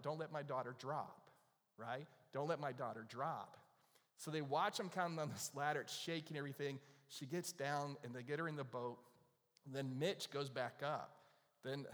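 A man preaching a conversational sermon, telling a story and asking the audience questions. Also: medium pitch. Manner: animated, asks the audience questions. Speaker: pastor. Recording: long reverb of a large hall.

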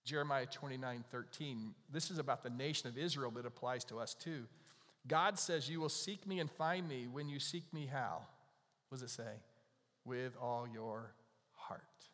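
A man preaching a sermon in a conversational way, with emphatic bursts that drop to soft, quiet lines. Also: mid-range voice, normal speed. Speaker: pastor. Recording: long hall reverb.

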